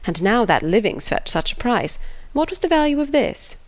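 A woman reading the part of a pompous, fussy gentleman who lectures his sister. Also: a little high, big pitch swings, moderate pace, pitched above the performer's own voice. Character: pompous fussy gentleman, self-important brother.

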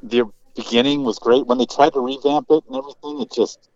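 A man's voice: medium pitch, wildly swooping pitch, brisk, gravelly, a little mellow, lo-fi sound. A man co-hosting a podcast in laid-back casual chat. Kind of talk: casual chat about TV shows.

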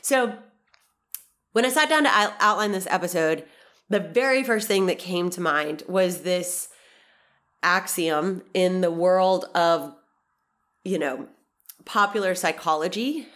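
A woman's voice: on the low side, measured pace, long pauses, a bit bright. Woman, 30s, podcast host, casual monologue, nasal, stuffy nose, bubbly, chatty. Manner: bubbly, chatty, swears casually, laughs often.

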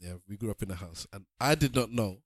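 A man's voice: lowish voice, lively intonation, no echo, studio quality. A young man, teasing his friends and cutting in during casual podcast banter. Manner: teasing, quick to jump in. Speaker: co-host.

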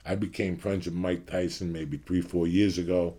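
A man's voice: low-pitched, flat delivery, normal speed, mellow. A man in his fifties from the New York area, hosting his show with a blunt, profane rant to his audience. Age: 50s. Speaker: podcast host.

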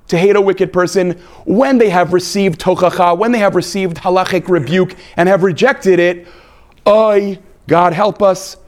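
A man, a rabbi giving a live lecture, emphatic and animated, checking in with his listeners with frequent "right?" and "okay?". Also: high voice.

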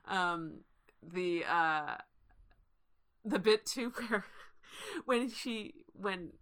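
A woman co-hosting a casual film discussion, talking in an animated way with restarts and laughs. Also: fairly low pitch, very slow, clear, resonant tone. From Canada. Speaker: podcast co-host.

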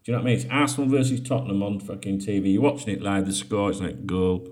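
A man's voice: fairly low pitch, steady tone, quick pace, darkish tone. A man hosting a casual solo podcast. He reads out headlines and breaks in with sweary, jokey asides. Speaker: podcast host.

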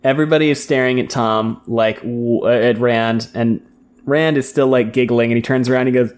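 A woman's voice: rumbling low, steady tone, moderate pace, darkish tone. A woman co-hosting a casual podcast, retelling book scenes and slipping into playful voices for the characters. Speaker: podcast co-host. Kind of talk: casual book recap chat.

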